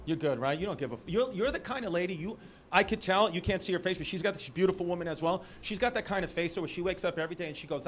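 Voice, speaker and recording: A man with a New York accent doing stand-up crowd work in a comedy club, teasing people in the front row with loose, quick jabs. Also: sits high, a little hiss or hum. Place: comedy club stage with a live audience. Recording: loud laughing crowd in a club.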